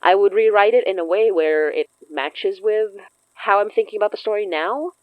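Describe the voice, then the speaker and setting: A chatty woman co-host talks quickly about her audio drama, breaking into laughs often. Her voice sits in a middle range. The recording is dry and a little dull, with no room sound. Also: medium pitch, smooth, dry recording. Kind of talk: casual chat.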